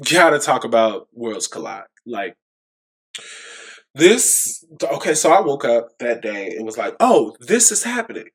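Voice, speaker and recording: A young man reviewing wrestling shows in a casual, animated, playful and self-mocking way. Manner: animated, playful, self-mocking, jumps to a high excited pitch. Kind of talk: casual chat.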